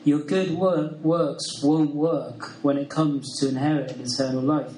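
A man's voice: fairly high pitch, fairly even intonation, a little slow, hardly any pauses, darkish tone, slight background noise. A man preaching a sermon in an earnest, conversational way, asking the listeners questions. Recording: roomy sound from a distant mic.

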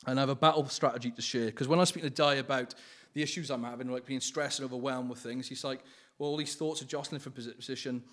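A man's voice: mid-range voice, steady tone, fast talker, few pauses, fairly bright tone. A man giving an informal sermon with personal testimony, earnest and pleading, often laughing and correcting himself mid-sentence. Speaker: lay preacher.

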